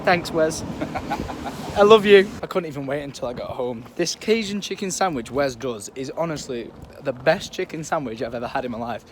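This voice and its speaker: A young man from England, telling a story in a casual vlog, animated and swearing freely. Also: mid-range voice, moderate pace, a little hiss or hum. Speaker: vlogger.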